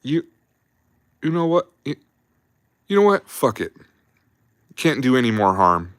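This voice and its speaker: A man voicing an exasperated male army sergeant who yells and curses. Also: a little high, little pitch movement, slow, no room sound, studio quality, voice pushed up. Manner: yelling, cursing, fed up.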